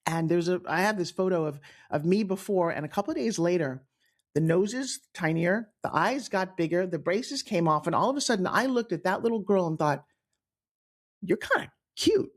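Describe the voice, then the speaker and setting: Animated middle-aged New York woman. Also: on the low side, a little fast. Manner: animated, acts out quoted voices, frequent restarts. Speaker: guest storyteller. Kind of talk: personal storytelling in a podcast.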